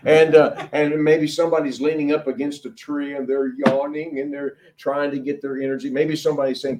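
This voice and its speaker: A middle-aged man preaching a sermon, acting out the disciples' voices and swinging between loud emphasis and hushed asides. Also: a little high, steady tone, a little fast, hardly any pauses.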